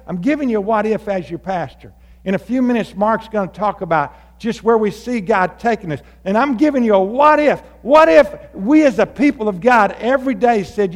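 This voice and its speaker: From the pulpit of a church sanctuary, a male pastor delivers an animated sermon at a moderate pace in a high-pitched voice. He swings between quiet asides and fired-up shouting. A long reverb from the church hall fills the recording.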